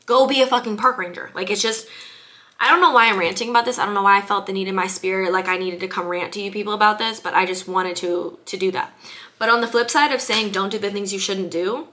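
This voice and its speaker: Bright-voiced woman ranting with blunt emphasis. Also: medium pitch, fast. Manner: blunt, emphatic, heavy swearing, preachy repetition. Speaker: vlogger. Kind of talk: ranting motivational monologue to camera.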